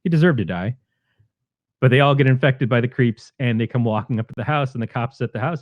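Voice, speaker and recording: A man's voice: medium pitch, fast talker, no room sound, lo-fi sound. A man co-hosting a podcast, chatting casually about a film and eagerly retelling its scenes. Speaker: podcast co-host. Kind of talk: casual film review chat.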